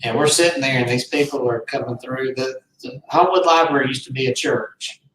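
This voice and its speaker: A man's voice: mid-range voice, fairly even intonation, fairly quick, fairly bright tone. Earnest man telling a story. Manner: rambling, earnest, heartfelt. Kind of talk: casual storytelling. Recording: roomy, distant mic, faint noise.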